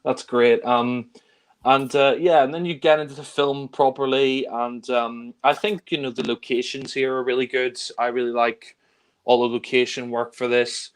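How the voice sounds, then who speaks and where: One co-host in a casual conversation among friends, this man talks in an easygoing, rambling way about films he's keen on. His voice is mid-pitched, clear and resonant, with a level tone at a moderate pace.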